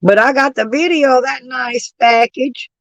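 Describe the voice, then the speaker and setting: A woman's voice: sits high, normal speed, a bit bright, no echo, lo-fi sound. A brash, profane woman hosting a livestream, arguing with her chat while her voice is worn down by allergies. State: voice lowered and rough from allergies. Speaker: livestream host reading chat. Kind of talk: casual livestream rant.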